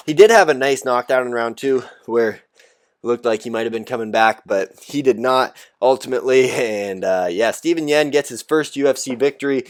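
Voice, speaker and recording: A man hosts his own recap show, running through results in a relaxed, blunt way. He talks casually with fillers and restarts, at an ordinary middle pitch for a man. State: out of breath. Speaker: podcast host recapping fights. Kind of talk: solo recap commentary.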